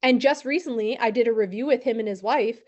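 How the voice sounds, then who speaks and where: A woman in her thirties who trains insurance agents, telling a lively story with acted-out quotes. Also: on the high side, quick pace. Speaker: insurance and financial advisor training new agents. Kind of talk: storytelling talk to a team.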